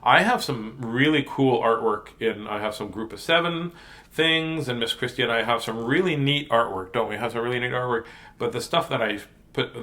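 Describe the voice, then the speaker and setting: A man's voice: mid-range voice, fairly bright tone. A man hosting a children's storytime, reading picture books and chatting in a playful, silly, joking way. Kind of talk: storytime reading and rambling chat.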